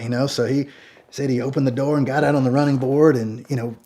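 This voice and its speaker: A man telling a long story in a casual, animated way, with many fillers and repeated words. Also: medium pitch. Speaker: storyteller guest.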